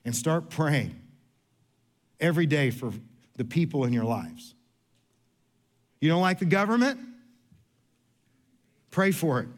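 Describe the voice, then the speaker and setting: Slow and pausing often, this pastor's fairly high voice swings widely in pitch as he preaches in a church sanctuary. He recounts a story in a chatty, self-deprecating manner, restarting frequently and acting out the people he quotes.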